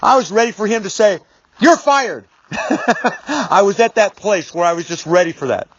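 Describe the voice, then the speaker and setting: A middle-aged businessman with a voice pitched high for a man rambles through a personal story to camera, restarting sentences, swearing mildly, and hammering his points with firm repetition. He speaks at a normal speed, and the lo-fi recording sounds dull, with no room sound.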